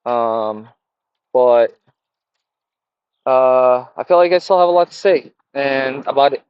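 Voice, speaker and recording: A man's voice: medium pitch, steady tone, slow, clear, resonant tone, no echo. A man talking casually and reflectively to camera, rambling with many fillers and restarts, outdoors by a fire. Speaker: vlogger. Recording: dull lo-fi sound.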